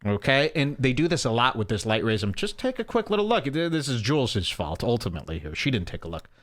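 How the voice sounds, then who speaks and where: A man's voice: mid-range voice, big pitch swings, quick pace, fairly bright tone. A man hosting an internet radio show with rambling commentary, mocking and scolding as he goes, while nursing a headache. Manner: mocking, scolding rants, irreverent. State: has a headache.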